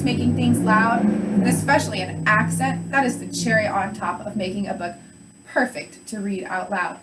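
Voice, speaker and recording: A woman school librarian giving tips on reading aloud, upbeat and expressive. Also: mid-range voice, heavy background noise. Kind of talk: instructional chat.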